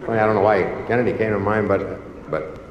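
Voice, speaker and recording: A man doing a stand-up monologue with a drawling delivery that swings between slow and quick. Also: on the low side, flat delivery, recorded from a distance. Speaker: comedian. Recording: old lo-fi recording in an echoey hall, noisy.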